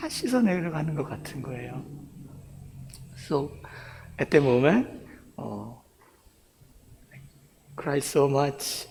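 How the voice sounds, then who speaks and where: A middle-aged man preaches a personal testimony, moving between English and Korean. His voice sits a little high and has a gravelly edge. It carries a long reverb tail from the church sanctuary. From grew up in Brooklyn, New York. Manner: switches between English and Korean, emotional storytelling with laughs. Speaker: pastor. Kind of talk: bilingual sermon testimony.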